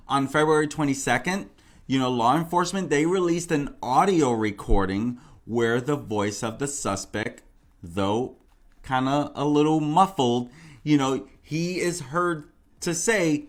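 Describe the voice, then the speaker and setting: A man's voice: mid-range voice, unhurried. A man hosting a casual true crime commentary, rambling and repeating himself with many fillers. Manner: repetitive, rambling, full of "you know" and "like". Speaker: true crime channel host.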